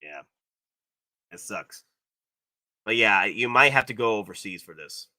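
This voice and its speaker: A man hosting a live stream, commenting excitedly on collectible figures and gushing with repeated exclamations. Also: fairly low pitch, a little slow, no echo, clean studio sound. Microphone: streaming setup.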